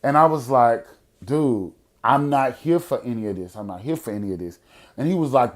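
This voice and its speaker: A man hosting a podcast, telling a story in a casual, profane way, swinging from loud outbursts to hushed moments. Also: medium pitch, lively intonation, fairly quick. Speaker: podcast host.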